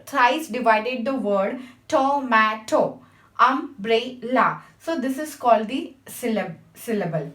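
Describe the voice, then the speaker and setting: A woman's voice: a little high, a bit bright. Lady teaching grammar, spells words out, checks if class gets it, echoey room. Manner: patient, spells out letters, asks the class questions. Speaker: English teacher. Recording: echoey room, mic at a distance.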